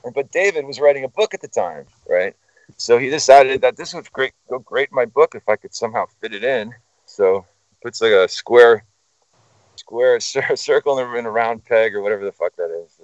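A man's voice: medium pitch, normal speed, dry recording. A man telling a story as a guest in casual chat, swearing freely and rambling off on tangents. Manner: profane, animated, rambling. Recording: dull lo-fi sound, dry.

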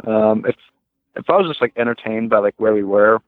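A man's voice: on the low side, a little fast, no room sound. Man telling stories on a phone line. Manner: heavy use of "like", lively retelling. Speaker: guest. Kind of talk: casual storytelling. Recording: tinny phone line, dry.

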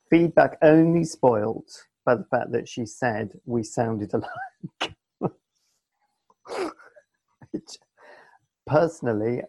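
A man co-hosting a podcast in casual chat, teasing his partner in a dry, deadpan way. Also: mid-range voice, creaky, husky, no room sound. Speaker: podcast co-host and editor.

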